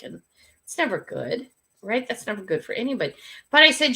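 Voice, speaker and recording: An older woman hosts a casual livestream, telling stories in a chatty, bossy, grandmotherly manner and laughing often. Her mid-range voice is sing-song and sharp, and she speaks fairly quickly.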